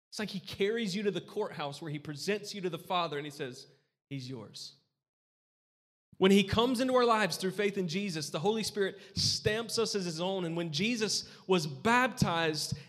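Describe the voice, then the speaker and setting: Pastor, man, 30s, high voice, chatty sermon that keeps checking in with the congregation, church hall with long reverb. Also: a bit bright. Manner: conversational, asks the crowd questions.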